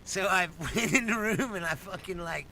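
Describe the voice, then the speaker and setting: A man's voice: high voice, normal speed, creaky, pushed and bright, a little hiss or hum. A man telling a profane, rambling story in casual chat, acting out the other people's lines. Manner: profane, rambling, acts out quotes. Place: studio.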